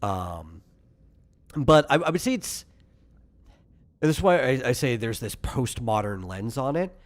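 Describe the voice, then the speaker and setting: A man's voice: medium pitch, very animated, measured pace. A man co-hosting a podcast who chats casually, explains his take and answers listener comments. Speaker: podcast co-host. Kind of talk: casual chat.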